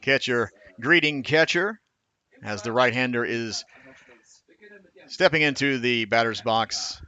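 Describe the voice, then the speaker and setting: A man calling baseball play by play in a steady, measured way, now and then correcting himself. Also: mid-range voice, highs cut off. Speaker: play-by-play announcer.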